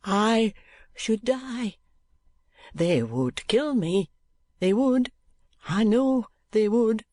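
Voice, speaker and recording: A man's voice: very high voice, sing-song, extremely slow, breathy edge, dry recording, pitched above the performer's own voice, exaggerated voice. A man voicing a timid, tearful, downtrodden young man of nineteen who pleads in a breaking half-whisper. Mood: pleading.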